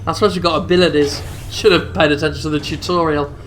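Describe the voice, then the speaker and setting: A man's voice: a little high, steady tone, fast talker, fairly bright tone, a little hiss or hum. A man giving sarcastic, jokey commentary while playing a shooter game. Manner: jokey, mocking, exclaiming at the game. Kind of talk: sarcastic let's-play commentary.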